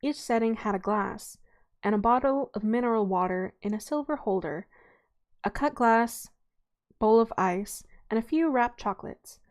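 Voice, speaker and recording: A woman's voice: a little high, moderate pace, a little mellow. Young adult woman, reading a novel aloud, informal, frequent self-corrections.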